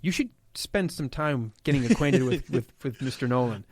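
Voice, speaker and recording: A man with a Midwestern accent filling in as a talk radio host, chatting fast and telling animated stories. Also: medium pitch, no room sound, clean studio sound. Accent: Midwestern American. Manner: animated, fast storytelling with quoted voices. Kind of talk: casual talk radio chat. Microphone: studio microphone.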